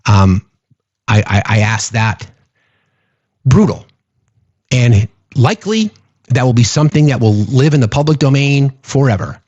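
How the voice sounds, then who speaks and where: A man's voice: medium pitch, animated, measured pace, pauses often, a little mellow, no echo, highs cut off. A man hosting a political commentary show, speaking emphatically and repeating phrases for stress.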